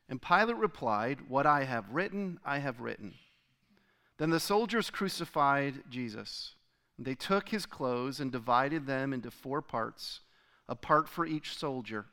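A man's voice: medium pitch, smooth. A man preaching a sermon, reading a scripture passage aloud with dramatic swells and drops in his voice. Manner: dramatic reading with sharp rises and drops in loudness. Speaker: pastor.

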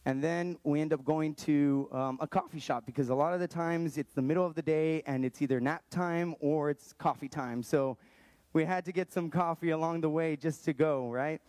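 A man in his thirties tells a personal story, earnest and halting, often circling back to restart a thought. His voice is mellow and warm. The sound is dry and close, with no room around it. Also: a little high, dry recording. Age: 30s. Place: Texas, around Austin.

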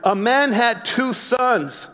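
Guy preaching in a big echoey hall, kinda high voice, lots of restarts. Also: expressive, pushed and bright. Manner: reads scripture slowly, then explains with repeated restarts. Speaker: pastor. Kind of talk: sermon.

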